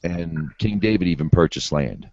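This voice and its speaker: A man's voice: deep voice, moderate pace, crowd noise. A man hosting a casual group video call, emphatic and repeating himself. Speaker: host. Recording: dull lo-fi video call audio.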